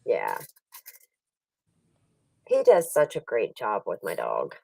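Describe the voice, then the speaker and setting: A middle-aged woman tells a story in easy chat, laughing as she goes. Her voice sits low but swings widely, with a slightly husky edge. She is a little off-mic in a dry space. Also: slow pace, no echo, distant mic, poor audio. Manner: laughs often, chatty and animated when telling stories. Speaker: poker stream co-host.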